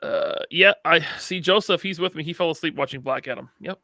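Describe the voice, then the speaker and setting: A man's voice: a little high, brisk, creaky, sharp tone, no echo, studio quality. A man co-hosting a podcast in casual chat, enthusiastic and chatty. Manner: enthusiastic, chatty, laughs often. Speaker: podcast co-host.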